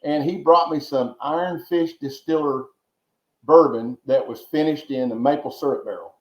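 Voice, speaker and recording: A man's voice: a little high, moderate pace. Rambling man on a roomy call. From Georgia, US. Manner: rambling, repeats words, folksy asides. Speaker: podcast guest. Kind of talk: casual storytelling interview. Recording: roomy, dull lo-fi sound.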